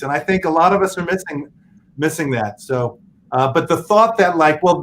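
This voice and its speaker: A man telling animated stories and playing a game on a video call, chatty and playful. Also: on the high side, slight background noise, low-quality recording. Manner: chatty, playful, acts out quoted voices. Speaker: game night guest.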